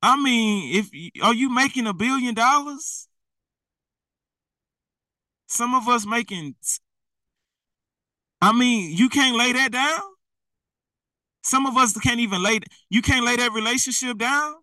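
Guy preaching hard, slangy and blunt, super bright tense voice, pretty far from the mic. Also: very high voice, unhurried, long pauses, no echo. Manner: blunt, slangy, exhorting, laughs at himself. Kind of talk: fiery street-style preaching.

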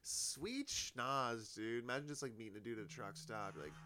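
A young man talks as a podcast guest and stand-up comic. His speech rambles in loose chat, packed with filler words and easy laughter, at a middling pitch. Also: moderate pace, pushed and bright. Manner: rambling, full of "like", laughs often. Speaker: comedian guest. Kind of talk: casual chat.

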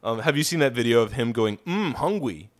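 A man's voice: mid-range voice, fast talker. A man co-hosting a podcast, ranting and swearing through casual political chat, laughing often. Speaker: podcast co-host.

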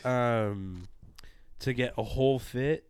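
Young guy on a podcast, smooth clear voice, dry close sound, tells stories and cracks up a lot. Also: mid-range voice, slow pace, no echo. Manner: animated, laughing storyteller with crude humor. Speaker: podcast co-host. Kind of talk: casual storytelling chat.

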